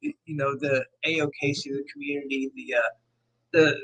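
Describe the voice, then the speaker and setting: A man from Florida chatting as a guest on a casual podcast, animated and laughing easily as he tells stories. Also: mid-range voice, moderate pace, breathy edge, rough recording. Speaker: co-host guest. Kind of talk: casual live-stream chat.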